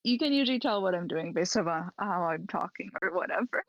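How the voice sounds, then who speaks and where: A woman's voice: medium pitch, animated, a little fast, no room sound. Rambling woman podcaster, slightly dull sound. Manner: thoughtful, rambling with fillers and restarts. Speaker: podcast co-host. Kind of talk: casual chat.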